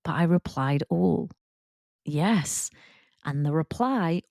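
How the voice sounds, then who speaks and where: Woman host, casual storyteller, bright animated quotes, warm low-ish tone, dry close sound. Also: slow, gravelly, dry recording. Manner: animated, acts out quotes in a higher voice; laughs at own stories. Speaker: podcast host and work confidence coach. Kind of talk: casual solo podcast storytelling.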